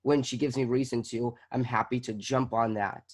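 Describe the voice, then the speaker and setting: A teenage boy from Southern California, an acting student, who answers slowly and hesitantly, thinking aloud over a video call. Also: medium pitch, steady tone. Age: teens. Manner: hesitant, thinking aloud with many fillers and restarts.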